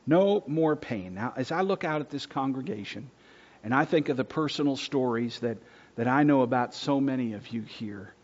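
A man preaching a sermon from the pulpit to his congregation, earnest, dropping to hushed near-whispers and rising on points of emphasis. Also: medium pitch, moderate pace, dull audio. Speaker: pastor. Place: church sanctuary.

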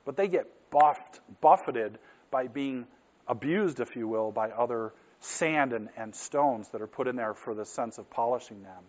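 A middle-aged pastor preaching to his congregation in a plain, mid-pitched man's voice. He talks earnestly and conversationally, asking rhetorical questions. The recording sounds slightly dull and lo-fi. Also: measured pace. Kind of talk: sermon.

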